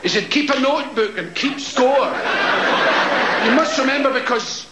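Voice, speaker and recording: Man, stand-up comic, high-pitched voice, profane storytelling, echoey hall, loud laughing crowd. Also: normal speed, heavy background noise. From Scotland. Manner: profane, animated storytelling with shouted impressions. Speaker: stand-up comedian. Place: large theatre stage.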